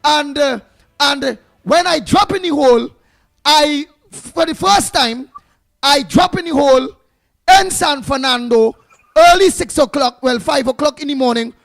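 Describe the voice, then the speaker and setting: A man with a Trinidadian accent acting out a loud, blustering man who shouts complaints about guarding the borders. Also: very high voice, a little slow, creaky, heavily acted. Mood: ranting.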